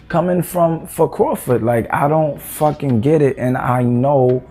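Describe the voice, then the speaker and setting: Fired-up male vlogger, exasperated and cursing, warm low-toned timbre. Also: steady tone, unhurried, hardly any pauses, soft background music. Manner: heated, profane, exasperated ranting. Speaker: boxing commentator. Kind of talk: ranting opinion vlog.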